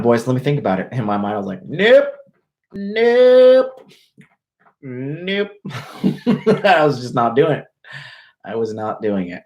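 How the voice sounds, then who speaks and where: A man talks straight to his livestream viewers, telling a story with casual swagger. His voice sits on the low side, and his talk is loaded with profanity and brash slang. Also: a little mellow. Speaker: dating coach hosting a livestream.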